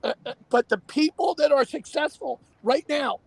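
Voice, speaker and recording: A man hosting a casual talk show, animated and emphatic, often repeating himself. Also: extremely high pitch, normal speed, creaky, dry recording. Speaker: show host.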